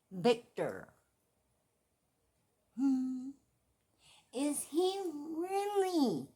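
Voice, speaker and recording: A middle-aged woman giving a ranting commentary vlog, swearing often and repeating her points with emphasis. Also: on the high side. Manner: profane, repetitive and emphatic. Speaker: true-crime commentary vlogger.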